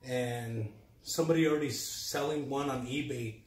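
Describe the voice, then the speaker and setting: A man hosting a casual unboxing video, talking in a relaxed, chatty way and often trailing off mid-sentence. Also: medium pitch, moderate pace, far from the mic. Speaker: YouTube collector host. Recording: roomy sound a bit off-mic.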